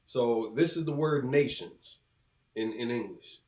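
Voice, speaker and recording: A man giving a halting, casual explanation in a class, with many restarts and fillers. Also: medium pitch, darkish tone. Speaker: student teaching in a class. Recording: roomy, from a distance.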